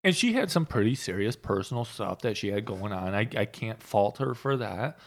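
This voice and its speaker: Male podcast co-host, casual and profane, animated pitch, rambling storyteller, recorded in a home loft. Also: moderate pace, few pauses. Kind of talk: casual chat.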